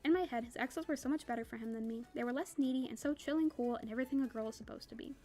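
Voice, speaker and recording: A young woman reads a novel aloud for her book club, her voice sitting on the higher side. She reads at a rapid clip and breaks off for casual asides. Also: warm tone. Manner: quick reading with casual asides.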